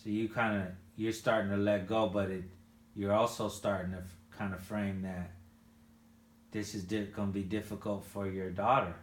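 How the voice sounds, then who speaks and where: A man interviewing a father he worked with, asking gentle leading questions with frequent restarts. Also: lowish voice, little pitch movement, normal speed, echoey room. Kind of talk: casual interview.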